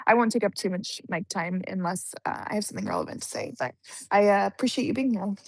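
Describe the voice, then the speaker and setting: A woman introducing herself in a live talk room, polite and brief. She talks quickly at a middle pitch. Her voice sounds dry and close. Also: very animated, a little mellow, dry recording, low-quality recording.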